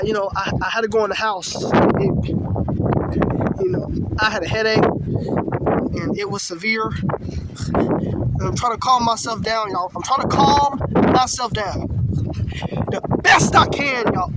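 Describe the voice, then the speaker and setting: High-voiced excitable man outdoors in wind. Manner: excitable, exclaiming, repeatedly addressing viewers as y'all. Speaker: amateur weather vlogger. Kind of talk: excited outdoor weather vlog. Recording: loud wind noise outdoors.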